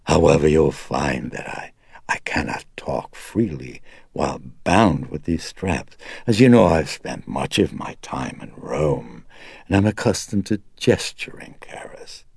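A man doing a deep croaking demon voice. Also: expressive, measured pace, darkish tone, no room sound, clean studio sound, exaggerated voice. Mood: gloating menace. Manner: sardonic, mocking, partly whispered. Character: demon possessing a young girl, gloating, sly, menacing.

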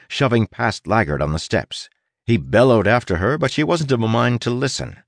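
A man narrating an audiobook in a wry manner, with dramatic pauses and stretched emphasis. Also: sits low, expressive, no room sound. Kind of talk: scripted narration.

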